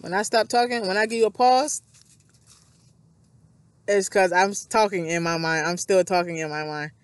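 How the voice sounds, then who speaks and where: A woman's voice: fairly low pitch, fairly even intonation, moderate pace, smooth, no echo. A woman vlogger in a casual, rambling monologue, thinking aloud, repeating herself and reading scripture aloud between thoughts. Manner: rambling, repetitive, self-reflective, thinking aloud.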